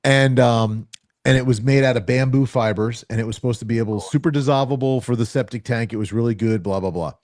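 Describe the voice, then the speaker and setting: A middle-aged man, medium-pitched and quick, hosts a podcast with studio-quality sound and no room tone. In casual chat he tells stories, bringing quoted dialogue to life with animation.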